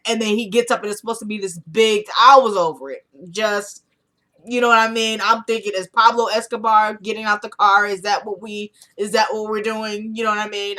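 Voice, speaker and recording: A woman talks through a recap of a TV drama episode in a relaxed, chatty way. She retells the scenes by voicing the characters' lines and breaks in with her own blunt opinions. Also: mid-range voice. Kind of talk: casual recap chat.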